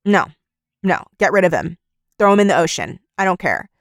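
A young woman co-hosting a casual book podcast, lively, acting out characters in quick put-on voices and laughing often. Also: lowish voice, no room sound, clean studio sound. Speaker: podcast co-host. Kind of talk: casual book-club chat.

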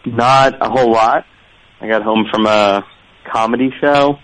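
A man from Philadelphia calling in to a radio show, talking in a hesitant, stammering, low-key way. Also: fairly even intonation, unhurried, a bit bright, slight background noise, low-quality recording. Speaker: caller. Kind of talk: phone call-in chat.

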